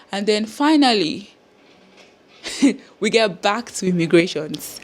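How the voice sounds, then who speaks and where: Young woman, mid pitch, vlogging to camera, exasperated storyteller. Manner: animated, exasperated, expressive. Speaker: travel vlogger.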